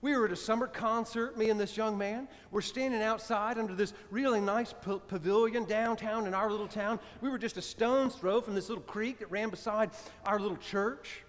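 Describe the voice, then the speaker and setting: Man, priest preaching, high voice, conversational storytelling, long church reverb. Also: fairly even intonation, normal speed, hardly any pauses. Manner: conversational, drops to soft hushed tones. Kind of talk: storytelling sermon. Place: church sanctuary.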